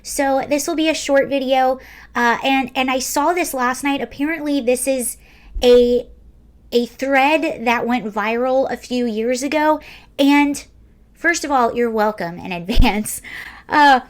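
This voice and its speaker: A woman's voice: sits high, measured pace. A woman in her early forties hosting a casual video, reading a story aloud with wry, sarcastic commentary. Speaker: video host.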